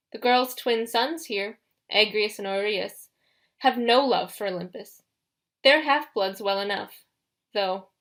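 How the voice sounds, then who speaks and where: A woman reading an audiobook, voicing a smooth, mocking young male villain who taunts the heroes. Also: a little high, fairly bright tone, natural voice.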